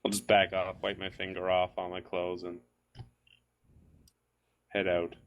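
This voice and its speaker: A man's voice: deep voice, completely flat delivery, measured pace, muffled recording. A man playing a tabletop role-playing game, rambling unsurely as he describes what his character does. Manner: rambling and unsure, talking through his actions. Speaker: player. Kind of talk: casual table talk.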